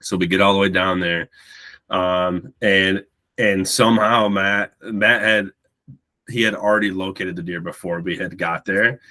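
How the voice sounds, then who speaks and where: Deep-voiced man telling a story. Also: little pitch movement, a little slow, sharp tone. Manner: rambling, repeats words while recounting. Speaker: podcast guest. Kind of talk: casual storytelling.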